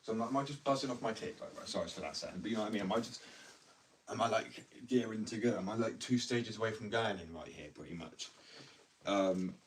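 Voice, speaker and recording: A man's voice: lowish voice, brisk, slight background noise. Rambling man on a distant mic. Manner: chatty, joking, slangy, self-interrupting. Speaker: livestreamer talking about addiction. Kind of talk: casual rambling live chat.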